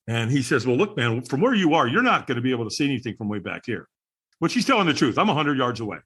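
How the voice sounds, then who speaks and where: A man's voice: medium pitch, very animated, racing, fairly bright tone, breathy edge. A man who is a podcast guest, telling a story with lots of energy and acting out the people he quotes. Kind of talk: animated storytelling.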